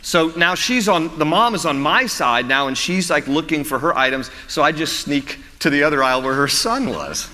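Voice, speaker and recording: A man preaching a sermon as a pastor, animated and storytelling, often restarting his phrases. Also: fairly high pitch, normal speed, hardly any pauses, in a large hall, a little hiss or hum.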